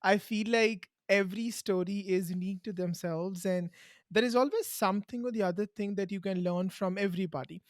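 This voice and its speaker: A young woman with an Indian accent hosts a podcast. She talks earnestly and encouragingly, at a middle pitch, and leans on repeated phrases for emphasis. The sound is dry and close. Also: fairly quick, no room sound. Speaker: podcast host. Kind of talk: conversational interview answer.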